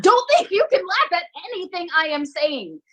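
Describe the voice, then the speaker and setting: An actress playing a foul-mouthed, scornful young actress who sneers and throws profane insults in a scripted video-call comedy. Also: female voice, extremely high pitch, wildly swooping pitch, normal speed, pushed and bright, exaggerated voice, low-quality recording. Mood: angry.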